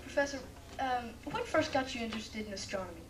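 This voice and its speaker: Woman interviewer in a stage skit, a bit high, crowd noise, far off camcorder. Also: lively intonation, quick pace. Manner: earnest questions, giggling. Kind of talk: amateur stage comedy skit. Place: dinner theater hall with audience. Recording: distant camcorder, noisy room with crowd.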